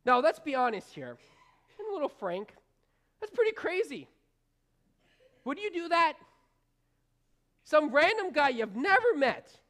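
Woman pastor, a bit high-pitched, informal conversational preaching, rambles and restarts, addresses the congregation directly. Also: a bit bright. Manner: folksy, talks straight to the congregation. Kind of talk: conversational sermon.

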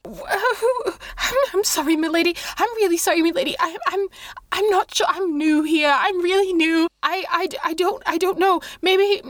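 A woman's voice: very high voice, moderate pace, no echo, pitched above the performer's own voice. Woman doing a stuttering panicked young monk. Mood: panicked groveling. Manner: stammering, apologetic, groveling.

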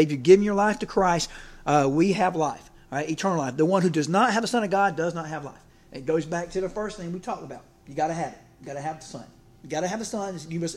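A man giving a casual, folksy sermon as a preacher and coach, rambling and checking in with his listeners. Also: fairly high pitch.

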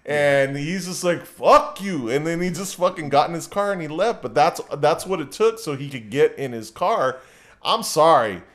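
A man in casual chat, swearing freely as he tells a story and slips into the voices of the people in it. His voice sits high and jumps all over the place. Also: normal speed. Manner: profane animated storytelling, acts out voices.

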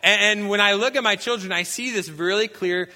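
A young man preaching a sermon as a pastor, telling lively stories and breaking into shouts to act out scenes. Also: high-pitched, fairly quick. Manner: animated storytelling, bursts into shouts when acting out scenes. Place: church sanctuary. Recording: long hall reverb.

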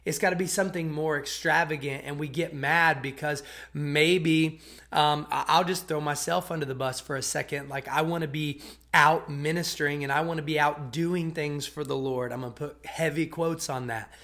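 A man's voice: fairly high pitch, fairly even intonation, normal speed, gravelly, a bit bright. A man preaching in a casual, conversational way, retelling a Bible story and often checking in with his listeners. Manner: conversational, checks in with "okay?" and "right?"; repeats and restarts words as he retells.

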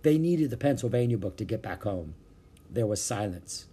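A man reading a children's chapter book aloud, with expressive narration. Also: on the low side, moderate pace, breathy edge. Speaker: storyteller.

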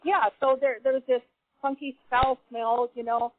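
A woman's voice: high voice, moderate pace, slight background noise. A woman telling her own story in a casual interview, acting out the people she quotes. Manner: animated, acts out voices in quotes. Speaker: guest witness. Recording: tinny phone-line audio.

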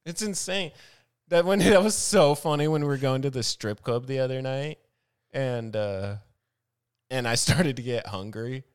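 A man who is a comedian, chatting casually, laughing often and swearing as he tells animated stories. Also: medium pitch, a little slow, clear, resonant tone. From Arizona. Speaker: comedian podcast host. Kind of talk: casual chat.

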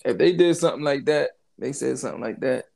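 A man in a laid-back casual podcast chat, throwing in quick reactions. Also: medium pitch, expressive, creaky, a little mellow.

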